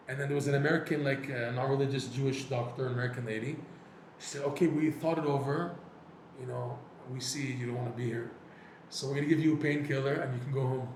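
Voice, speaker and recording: A man teaching a Torah class, telling a personal story and acting out his own prayers and dialogues in an animated way. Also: medium pitch, quick pace. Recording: echoey room with faint noise.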